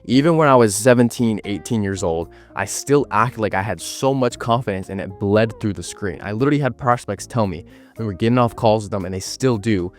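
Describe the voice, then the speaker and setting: A man's voice: on the low side, fairly quick, faint music behind. A young man in his late teens giving business advice straight to camera, confident and emphatic, repeating words for stress. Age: young adult. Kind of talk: direct-to-camera business vlog.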